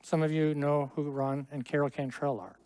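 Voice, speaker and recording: A man's voice: a little high, fairly even intonation, moderate pace, darkish tone, smooth, no room sound. A middle-aged man teaching a Hebrew class in a classroom, explaining at length with friendly asides and small jokes. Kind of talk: classroom lesson.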